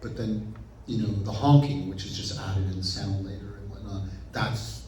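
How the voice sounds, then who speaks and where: A man talks as an interview guest, his voice mellow and dark in tone. He tells stories animatedly, acting out his own past thoughts in quick asides. The recording sounds distant and heavily roomy, with faint ambience behind him. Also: lowish voice, fairly even intonation, slight background noise. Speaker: actor guest. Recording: roomy echo, picked up from a distance.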